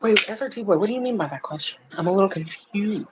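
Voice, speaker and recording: Fast and animated, a woman with a mid-range voice hosts a livestream and banters with her chat, teasing them bluntly and laughing a lot. Audio is poor, with a bit of hiss or hum.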